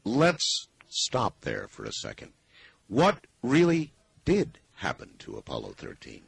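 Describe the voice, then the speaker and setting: Husky low-voiced radio host. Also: male voice, wildly swooping pitch, measured pace, no room sound. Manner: brief prompting questions and interjections. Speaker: radio talk show host. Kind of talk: late-night radio interview.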